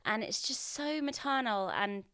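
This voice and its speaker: A woman's voice: fairly high pitch, expressive, unhurried, sharp tone, smooth. A woman co-hosting a podcast, chatting casually and rambling as she recaps a TV episode, often correcting herself. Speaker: podcast co-host.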